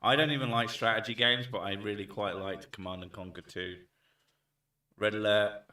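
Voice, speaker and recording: A man chatting casually and jokingly on stream, swearing now and then and throwing in loud bits. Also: fairly low pitch, steady tone, normal speed. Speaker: streamer host. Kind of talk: casual chat. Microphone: desk mic set back from him. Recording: echoey room, far from mic.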